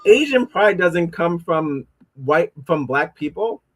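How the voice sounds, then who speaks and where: A man streams live with soft music in the background, his voice on the high side, breathy, and lively in intonation, though his pace is slow. In this casual commentary he rambles, stumbles as he reads aloud, and makes sarcastic, mocking comments.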